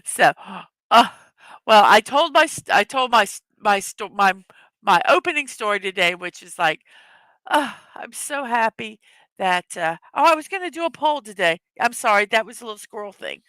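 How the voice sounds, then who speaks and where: A woman's voice: mid-range voice, lively intonation, normal speed, fairly bright tone, no room sound. A woman hosting a casual livestream, chatting away, rambling with restarts and frequent laughs. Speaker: livestream host.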